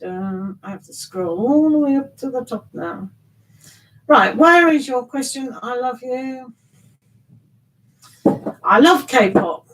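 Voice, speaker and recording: A woman's voice: high-pitched, measured pace, a bit bright, poor audio. Chatty woman hosting a live stream. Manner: chatty and rambling, laughs, teasing. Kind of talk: casual live-stream chat with viewers.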